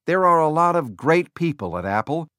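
A narrator voicing a confident tech executive. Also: male voice, on the high side, sing-song, normal speed, a bit bright, clear, resonant tone, no room sound, clean studio sound, voice pushed up. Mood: emphatic. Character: confident male tech executive giving a keynote. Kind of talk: quoted speech within audiobook narration.

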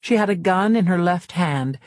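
Low-voiced woman narrating an audiobook. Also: dry recording, studio quality. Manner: measured, even, reserved. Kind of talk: scripted first-person narration. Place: recording studio. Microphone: close studio mic.

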